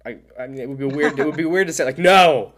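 A young man on a podcast, an animated storyteller who hops from one memory to the next with an easy, mid-pitched voice. He sounds casual and talkative, like he is catching up with an old friend. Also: racing, crowd noise. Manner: animated storyteller, jumps topics. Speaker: podcast co-host. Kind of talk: casual chat.

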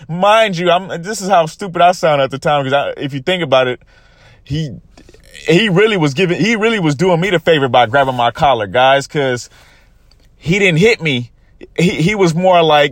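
A man's voice: a little high, lively intonation, normal speed, no room sound, clean studio sound. Fired-up, profane man talking into a phone. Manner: profane, fired-up, repeatedly addresses "guys". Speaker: vlogger. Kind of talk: passionate storytelling monologue.

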